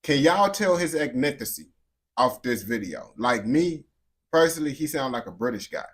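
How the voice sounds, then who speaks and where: A man's voice: mid-range voice, animated, moderate pace, a bit bright. Young guy streaming, chatty and rambling, bro every other word, plain mid voice. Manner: loose, rambling, talks to chat, says bro a lot. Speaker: streamer reacting to a video. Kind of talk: casual live reaction chat.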